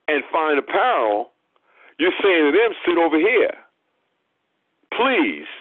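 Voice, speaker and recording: Preacher, male, slightly higher voice, emphatic and repetitive, dry phone-like audio. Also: no echo. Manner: emphatic, repeats phrases for stress. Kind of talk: sermon. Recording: tinny phone-like sound.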